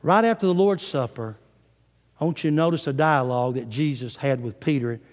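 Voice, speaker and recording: A man's voice: medium pitch, a little fast, darkish tone. A male preacher giving a sermon, retelling scripture dramatically in a church sanctuary. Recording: long hall reverb.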